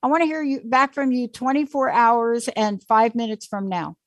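A woman's voice: fairly high pitch, fairly even intonation, normal speed, no echo. Emphatic coaxing woman radio host. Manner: emphatic and pushy, coaxing the caller. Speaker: radio call-in show host. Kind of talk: casual call-in coaching.

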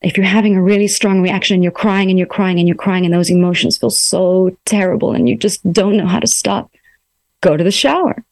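A woman coaching listeners through emotions in a gentle, coaxing self-help talk, speaking her self-talk aloud from a room in her home. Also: medium pitch, fairly even intonation, a little fast, no room sound.

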